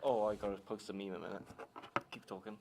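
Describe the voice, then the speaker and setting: A man's voice: on the low side, flat delivery, fast, vocal fry. A young man co-hosting a podcast in casual chat, with dry, teasing banter. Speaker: podcast co-host. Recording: faint background noise.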